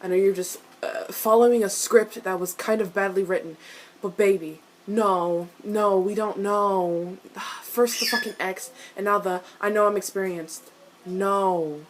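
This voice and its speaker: A woman reacting to a TV episode in casual, excitable rants, swearing often and turning exasperated. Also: medium pitch, unhurried, a little hiss or hum. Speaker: video reviewer.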